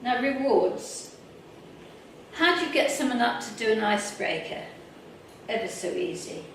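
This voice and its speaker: A fairly high-pitched English woman gives a workshop talk, full of lively anecdotes in which she acts out what people told her. The recording is very echoey and picked up from some distance, with a faint hiss underneath. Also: measured pace. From England. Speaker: workshop speaker. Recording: echoey hall, mic far off, faint noise.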